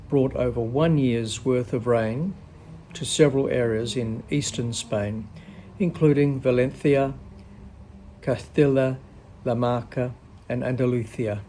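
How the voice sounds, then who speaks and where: A man's voice: mid-range voice, fairly even intonation, unhurried, warm tone, slight background noise. A man presenting a comic news update, reading steadily and now and then trailing off. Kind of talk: mock news bulletin.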